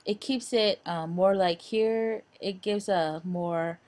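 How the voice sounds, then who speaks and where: A young woman walks through a screen-recorded design lesson at an unhurried pace. She talks in a halting way, with frequent fillers and restarts. Her voice sits at a middle pitch. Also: a little mellow. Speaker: instructor.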